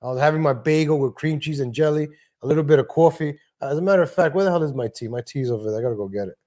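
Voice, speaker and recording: A man's voice: on the high side, very fast, warm tone. A man hosting a live stream, talking casually in a rambling way with many restarts and asides, into a home desk mic. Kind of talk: casual livestream rant. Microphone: home desk microphone.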